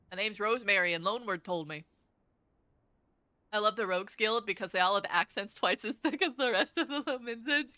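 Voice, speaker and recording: A woman's voice: a little high, bright, forceful tone, dry recording. A woman streamer chatting casually while playing a game, laughing at herself and greeting viewers. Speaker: VTuber streamer. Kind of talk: casual gameplay commentary. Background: faint game music.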